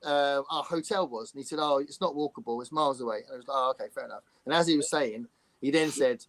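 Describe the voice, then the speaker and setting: A man with an English accent hosting a casual video-call chat, telling lively stories and chuckling as he goes. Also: mid-range voice, fast talker, no room sound. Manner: animated storyteller, chuckles often.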